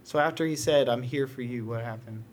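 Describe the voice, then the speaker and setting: A man's voice: mid-range voice, brisk, a little hiss or hum. A man who interviews a guest, attentive and asking short follow-up questions.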